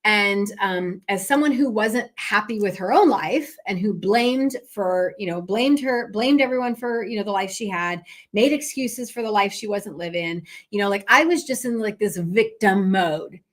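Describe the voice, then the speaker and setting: A woman's voice: mid-range voice, moderate pace. A woman, a business coach hosting a podcast, telling a personal story in a casual, conversational way, with lots of fillers and questions to her listeners. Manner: frequent fillers and tag questions.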